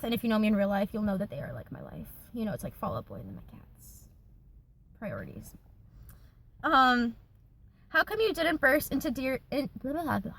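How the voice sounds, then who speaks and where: A woman in her twenties, chatting casually in a Q&A vlog from her car, with lots of fillers and giggles. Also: mid-range voice. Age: 20s. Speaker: YouTuber.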